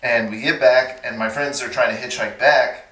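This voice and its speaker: A man's voice: mid-range voice, moderate pace, echoey room, far from the mic. A man from Texas telling a story as a podcast guest, animating it by acting out the voices of people in it. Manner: animated, acts out the voices of people in his stories. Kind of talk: casual storytelling.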